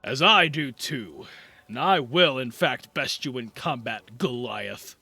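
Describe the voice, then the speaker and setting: A man's voice: mid-range voice, expressive, takes it slowly, creaky, pushed and bright, no room sound, faint music behind, pitched below the performer's own voice, heavily acted. A man voicing a proud male human gladiator who throws out bold challenges. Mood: confident.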